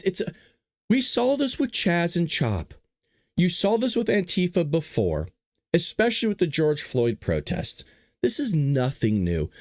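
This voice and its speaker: A man hosting a show, giving sarcastic opinion commentary in an animated way. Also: fairly high pitch, no echo, studio quality. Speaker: show host.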